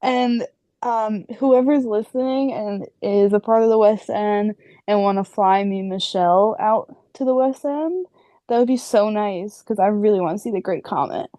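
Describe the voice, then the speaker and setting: Mellow-voiced young woman, chatty co-host. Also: medium pitch, moderate pace. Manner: bubbly, chatty. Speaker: podcast co-host. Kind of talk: casual chat.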